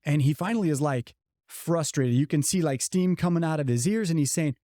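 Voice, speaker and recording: A middle-aged man with a mellow voice, a little higher than most, tells a business story earnestly. He leans on his key lines by slowing down. The sound is dry and close to the mic. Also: no room sound. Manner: earnest storyteller, slows down to stress key points. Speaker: podcast co-host. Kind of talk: motivational podcast talk.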